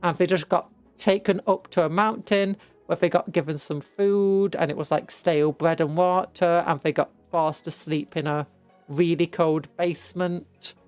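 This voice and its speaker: Low-voiced British woman streamer. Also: moderate pace, no echo, faint music behind. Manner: rambling, animated retelling of a story with asides. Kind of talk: casual chat while playing a game.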